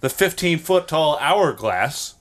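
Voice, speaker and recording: A man's voice: a little high, very animated, takes it slowly, a bit bright. A man co-hosting a comedy podcast, riffing crude jokes in casual chat. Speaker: podcast co-host.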